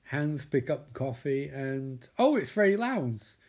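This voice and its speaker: A man's voice: mid-range voice, very animated, slow, darkish tone. Sweary rambling man recapping a show. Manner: sweary, rambling, mocking voices for the characters. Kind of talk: comedic episode recap.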